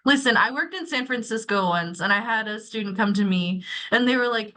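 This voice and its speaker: A woman's voice: a little high, fairly quick, few pauses, sharp tone. A woman co-hosting a casual podcast, speaking earnestly and with wry humor. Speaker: podcast co-host, housing professional.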